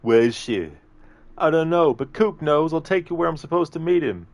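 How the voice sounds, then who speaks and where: A man's voice: medium pitch, normal speed, warm tone, dry recording, pitched above the performer's own voice, lightly acted. A man voicing a panicky, snarling male thug in a strained, raised voice.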